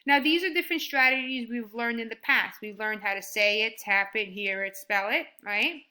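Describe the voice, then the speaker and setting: A woman teaching a first grade writing lesson, sounding out words slowly and praising her students. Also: on the high side. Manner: slow and deliberate, sounding out words; encouraging, animated when praising.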